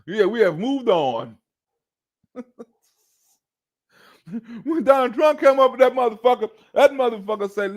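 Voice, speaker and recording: A man's voice: high-pitched, animated, normal speed, pauses often. A man giving a profane, mocking political monologue as a streamer. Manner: mocking, rants and acts out chants.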